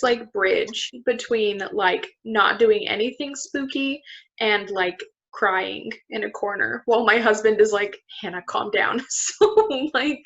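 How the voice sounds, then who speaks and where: A woman's voice: medium pitch, fairly bright tone. A young woman co-hosting a casual chat, talkative and self-deprecating, laughing often. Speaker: podcast co-host. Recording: dull lo-fi recording.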